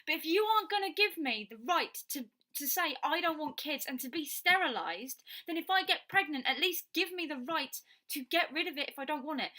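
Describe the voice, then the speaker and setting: A young Englishwoman with a bright, edged voice pitched a little high. She gives her opinions to camera in a blunt, outspoken vlog rant and swears freely. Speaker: vlogger.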